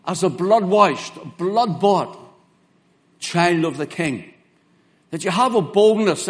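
A man preaching a sermon in an earnest, emphatic way, quoting scripture in King James phrasing. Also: sits high. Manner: earnest, emphatic preaching with slow spelled-out words and dramatic quoted lines.

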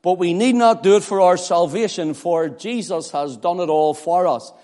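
A man's voice: sits high, normal speed, warm tone, in a large hall. A man with a Northern Irish accent preaching a sermon, building to impassioned, emphatic declarations.

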